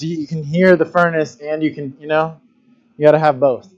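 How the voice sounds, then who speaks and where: A man's voice: on the high side, fairly even intonation, normal speed. A man chatting casually during his own live stream as a glassblower, thinking aloud while he adjusts his stream settings. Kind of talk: casual livestream chat.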